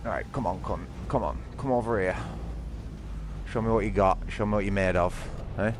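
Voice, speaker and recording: A man with a British accent giving excitable live gameplay commentary, swearing often and talking straight to his viewers. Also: on the low side, a little fast, noisy background. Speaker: gaming streamer.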